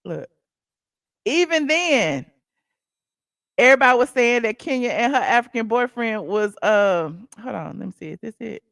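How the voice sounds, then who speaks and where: A woman's voice: fairly high pitch, expressive, normal speed, gravelly, fairly bright tone, dry recording. A woman hosting a casual livestream, chatting about reality TV gossip in an exclamatory way full of sudden asides. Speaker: gossip channel host.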